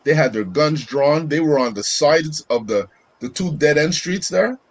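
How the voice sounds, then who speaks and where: A man co-hosting a casual podcast, telling a story step by step in relaxed slang. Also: on the high side, moderate pace, no echo. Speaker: podcast co-host.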